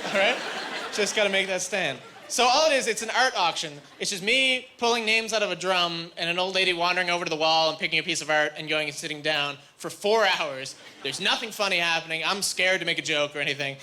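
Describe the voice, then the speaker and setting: A man doing a stand-up comedy set on a club stage, rambling through his stories and acting out the voices of the people in them. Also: high voice. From Canada. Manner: rambling storyteller, acts out quoted voices. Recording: live club recording, loud crowd noise. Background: audience laughter.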